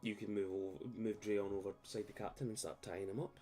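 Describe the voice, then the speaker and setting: A man running a tabletop game as game master, narrating in a measured, descriptive way. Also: lowish voice, flat delivery, warm tone, soft background music.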